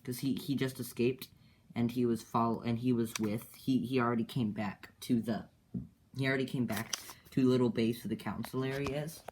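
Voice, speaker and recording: A man's voice: mid-range voice, fairly even intonation, moderate pace, darkish tone, a little hiss or hum. A man casually retelling a story, rambling with many restarts. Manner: rambling, full of fillers and restarts.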